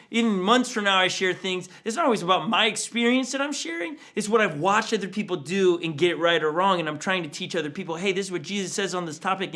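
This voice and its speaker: A man's voice: high-pitched, a bit bright. A man in his forties, a pastor, telling stories in a conversational online sermon and acting out family quotes with big jumps in voice. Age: 40s. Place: church livestream.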